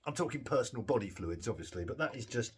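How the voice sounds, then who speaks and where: A man's voice: medium pitch, animated, quick pace, breathy edge. A man talking casually and self-mockingly as he fixes a cheap guitar, a bit tired and giddy, with guitar playing behind. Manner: rambling, sweary, self-mocking. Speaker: guitar repair vlogger. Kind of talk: casual chat.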